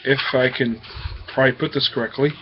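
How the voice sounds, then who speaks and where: A man's voice: mid-range voice, fairly even intonation, brisk, lo-fi sound, background noise. A man hosting his own comic book review show, talking casually and hesitantly with lots of fillers. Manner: rambling, hesitant with many fillers.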